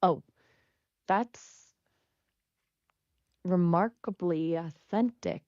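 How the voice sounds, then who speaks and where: Polite AI woman's voice, low and dull. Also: a little mellow, no room sound. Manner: polite, measured, slightly formal. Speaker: AI chat companion. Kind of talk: conversational AI reply. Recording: dull, lo-fi sound.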